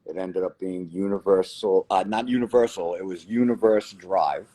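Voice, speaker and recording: A man from New Jersey with a New Jersey accent, telling his story as an interview guest in an animated way and repeating phrases for emphasis. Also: low-pitched, normal speed, dry recording, rough recording. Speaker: lottery winner guest.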